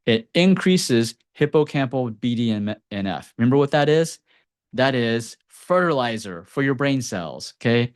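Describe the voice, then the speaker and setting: A man in a mid-range voice gives an animated health lesson straight to camera. He talks like a practitioner teaching patients and stops often to ask "okay?" or "right?" so his viewers keep up. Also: mid-range voice. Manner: lively teacher, peppers lines with "okay?" and "right?". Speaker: acupuncturist and clinic owner. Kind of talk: educational health explainer to camera. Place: Texas clinic.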